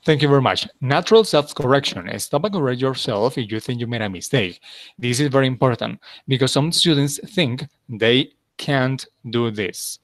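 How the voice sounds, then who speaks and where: A man's voice: medium pitch, moderate pace, no echo. A man teaching an English class, patiently repeating his instructions and checking in with his students.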